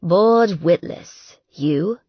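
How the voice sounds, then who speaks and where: A woman playing a smooth, coaxing young man. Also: lowish voice, expressive, extremely slow, no echo, highs cut off, heavily acted.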